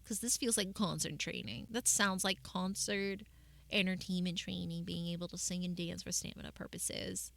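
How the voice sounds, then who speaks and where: A woman's voice: fairly low pitch, fairly even intonation, normal speed, creaky, fairly bright tone, no echo. A young woman streamer chatting casually with her viewers, rambling with lots of fillers and restarts.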